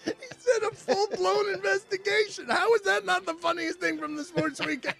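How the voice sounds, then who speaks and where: A man's voice: extremely high pitch, little pitch movement, normal speed, vocal fry, music in the background. A man hosting a sports radio show, joking and laughing often. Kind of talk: casual radio chat.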